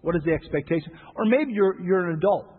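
A man preaching with a somewhat high, husky voice and a conversational, emphatic delivery that repeats phrases and acts out quoted voices. The sound is thin and phone-like, with a long reverb from a large hall. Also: lively intonation, fast. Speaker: pastor. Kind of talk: sermon.

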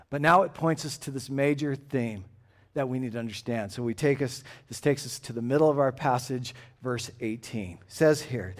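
A middle-aged man preaching a sermon, earnest, dropping to a hushed tone and then rising to emphatic calls for an amen. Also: medium pitch. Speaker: pastor.

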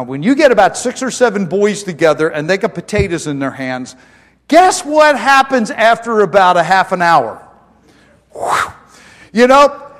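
Middle-aged male pastor, high voice, homespun sermon delivery, church hall reverb. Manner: folksy storytelling preacher, asks the congregation questions. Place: church sanctuary.

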